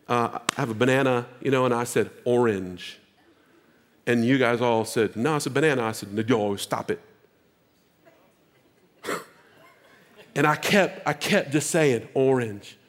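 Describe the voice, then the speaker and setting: Here a pastor, a man with a mid-range voice, moves back and forth in his sermon between relaxed comments to the congregation and loud calls to action.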